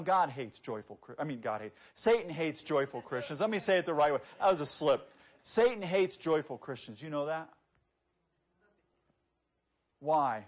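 A man with a high-pitched voice delivers a sermon. He talks easily with his listeners and throws rhetorical questions at them. When he reads scripture, his emphasis builds. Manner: conversational, quoting scripture with rising emphasis; asks the congregation rhetorical questions. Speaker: preacher.

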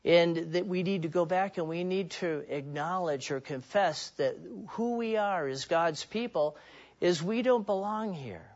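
A man's voice: sits high, a little slow, dull audio. A man preaching a sermon in an earnest, personal way, often restarting and repeating words.

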